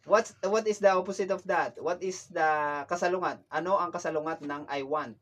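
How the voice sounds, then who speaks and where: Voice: mid-range voice, brisk. An adult drilling a child on vocabulary at home, patiently repeating words for the child to echo. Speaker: parent teaching a child.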